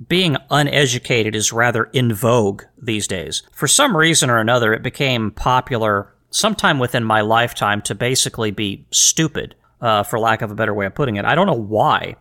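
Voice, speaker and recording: This solo podcast host has a mid-range voice with a pushed, bright quality. He talks earnestly and with emphasis, using rhetorical questions, frequently restarting phrases and repeating words.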